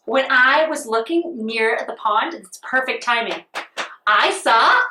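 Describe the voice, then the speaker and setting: A woman leading a playful children's yoga lesson, animated and sing-song as she talks to a child. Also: on the high side, slow pace, echoey room, distant mic, slight background noise, rough recording. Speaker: kids' yoga teacher. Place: outdoors on a farm.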